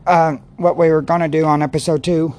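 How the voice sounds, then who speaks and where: A man's voice: on the high side, steady tone, a little fast, darkish tone, slight background noise. A man hosting a casual faith podcast, talking in an earnest, rambling way with many restarts and praying aloud. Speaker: podcast host.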